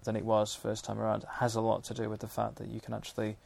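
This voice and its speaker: Gravelly man, flat and measured. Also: on the low side. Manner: measured, detailed, with many restarts and fillers. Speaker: film historian. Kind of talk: conversational discussion.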